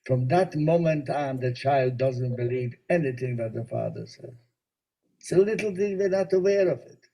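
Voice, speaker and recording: Man, rabbi, spiritual teaching talk, mellow dark tone, storytelling, gently humorous. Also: mid-range voice, normal speed, poor audio.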